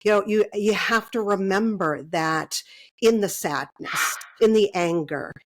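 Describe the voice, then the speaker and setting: Reflective woman hosting an interview. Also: medium pitch. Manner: reflective, measured, supportive. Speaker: podcast host. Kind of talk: warm conversational interview.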